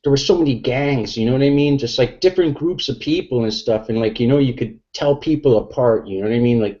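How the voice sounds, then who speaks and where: This podcast guest, a middle-aged man tipsy on beer, talks fast in a medium-pitched, dark, mellow voice. He rambles crudely and leans on fillers through the casual chat. The audio is dull and lo-fi, like an online call.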